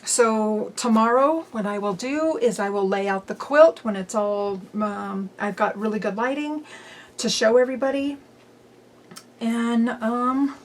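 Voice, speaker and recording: A woman's voice: on the high side, slight background noise. A woman hosting a casual home sewing vlog, chatting cheerfully with lots of "um" fillers and joking about her own mistakes. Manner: chatty, unhurried, frequent "um" fillers. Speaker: quilting channel host.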